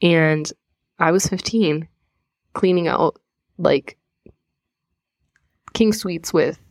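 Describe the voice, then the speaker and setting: A woman's voice: low-pitched, very slow, no room sound, studio quality. A young woman co-hosting a podcast, telling a story in a casual, laughing way and swearing freely. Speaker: podcast co-host. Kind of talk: casual chat.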